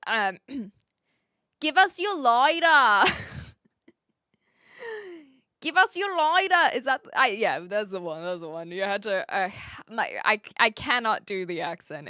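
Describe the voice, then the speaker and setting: A young woman with a New Zealand accent, chatting with her stream and reading out comments, giggly and trailing off into quiet asides. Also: mid-range voice, normal speed, no echo, studio quality. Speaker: livestreamer.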